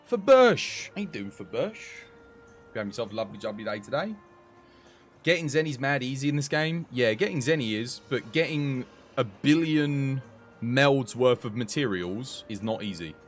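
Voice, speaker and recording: A young man streaming a game, chatting excitably with his viewers. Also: mid-range voice, normal speed, faint music behind. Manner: chatty, excitable, talks to chat. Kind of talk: casual live-stream chat.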